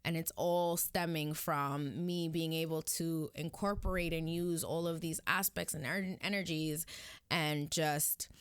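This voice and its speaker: A young woman with a Hispanic Caribbean accent talks casually to her viewers in a low, somewhat bright, smooth voice, rambling off on tangents. She's a vlogger doing personal vlog talk, recorded dry with clean studio sound.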